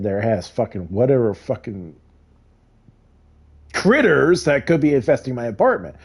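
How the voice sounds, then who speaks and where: A middle-aged man rants casually while he plays a game, swearing constantly and laughing as he goes. His voice is mellow and dark, but his pitch swoops up and down as he gets worked up. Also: sing-song, normal speed, breathy edge. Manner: profane, heated storytelling with frequent laughs. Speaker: gamer. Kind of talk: casual rant while gaming.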